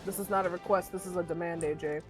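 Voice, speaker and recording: A woman's voice: fairly low pitch, fairly even intonation, fast, music in the background. A woman chatting in a gaming voice call, teasing and playful. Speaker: voice chat friend. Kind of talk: casual voice chat.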